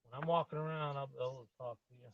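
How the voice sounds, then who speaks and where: A man with a medium-pitched, steady voice talks rapid-fire while hosting a garden channel's casual outdoor live-stream tour. He rambles to viewers in a plain, friendly way, filming with a phone or camera on a tripod before picking it up to walk. The sound is muffled, without echo.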